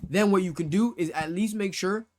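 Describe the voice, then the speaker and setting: Young man, fairly high voice, slangy casual storytime, acts out his reactions. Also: moderate pace, darkish tone. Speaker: streamer. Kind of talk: casual storytime to a live chat.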